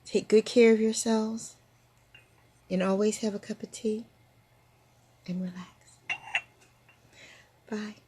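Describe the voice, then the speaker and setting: An older woman hosts personal storytelling to camera, reflecting on her experiences and often laughing. Her mid-range voice is warm and husky, with little pitch movement, a slow pace, and long pauses.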